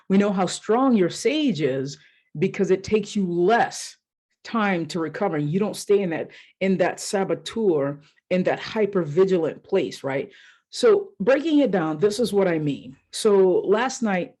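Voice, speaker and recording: A woman life coach hosting a solo podcast, telling personal stories in a casual, candid way with the odd swear word and acting out her own inner voices. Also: fairly low pitch. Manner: animated storyteller who acts out her own inner voices.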